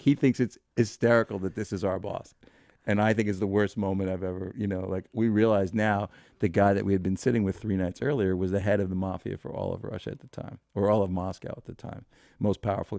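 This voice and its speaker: A man in his fifties, a podcast guest, telling casual anecdotes with lively, salty delivery and acted-out dialogue. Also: fairly low pitch, creaky, no echo, clean studio sound. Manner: lively anecdotes, acts out quoted dialogue, swears freely. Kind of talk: casual storytelling.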